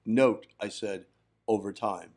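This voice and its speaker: A man's voice: on the low side, fairly even intonation, slow, darkish tone. A man hosting a livestream and giving firm, instructive teaching on ritual practice. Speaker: host, magick teacher.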